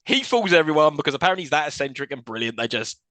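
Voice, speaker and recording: Brief: male podcast co-host, bright voice, dry close sound, chatty film recap with frequent laughs. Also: a little high, animated, racing, no room sound. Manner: laughs often while retelling scenes. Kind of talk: casual film recap chat.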